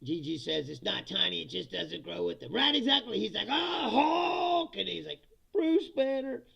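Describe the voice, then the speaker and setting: Middle-aged male streamer, high bright gravelly voice, profane and jokey, slightly dull lo-fi audio. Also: lively intonation, a little fast. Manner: laughs often, profane, reads chat comments aloud and answers. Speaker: livestream host reading chat. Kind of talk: casual ranting political comedy stream.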